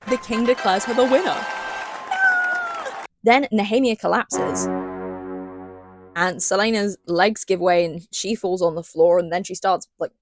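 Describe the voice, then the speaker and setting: A young woman giving an animated, sarcastic and rambling book recap in casual chat. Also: medium pitch. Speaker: book reviewer.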